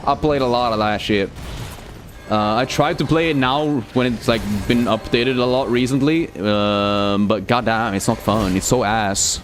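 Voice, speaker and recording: A man's voice: medium pitch, measured pace, slight background noise. A young man, chatting casually and cursing as he streams a game and answers chat. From Sweden. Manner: loose and profane, reads chat aloud, many fillers.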